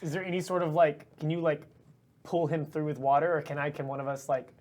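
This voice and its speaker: Casting: lower-voiced woman, halting game player. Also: level tone, darkish tone. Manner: halting, full of "like". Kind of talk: tabletop role-play chat.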